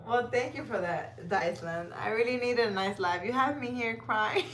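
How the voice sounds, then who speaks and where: A woman's voice: on the high side, normal speed, fairly bright tone, slight background noise. A woman chatting casually on a livestream outdoors in a park at night, reading out viewer comments, talking straight to viewers by name and laughing often. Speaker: livestream tarot reader.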